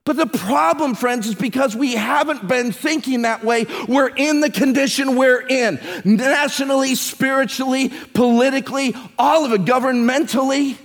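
A male pastor, preaching a sermon with emphatic, slow phrasing. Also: extremely high pitch, big-room sound.

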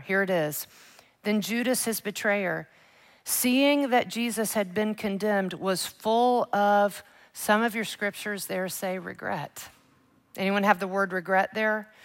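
A woman's voice: mid-range voice, fairly bright tone. Woman, Bible teacher; earnest and emphatic, dramatic scripture reading.

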